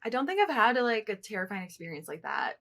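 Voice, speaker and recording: Woman podcast co-host with a bright, forceful voice, animated storyteller, casual and salty. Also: mid-range voice, fast talker, vocal fry. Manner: animated storyteller, swears freely. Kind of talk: casual chat.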